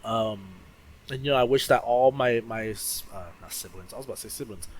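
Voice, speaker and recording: A young man answering viewer questions while he plays a game, talking in an expressive, rambling way with lots of fillers and restarts. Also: mid-range voice, brisk, rough recording. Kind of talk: casual Q&A while gaming.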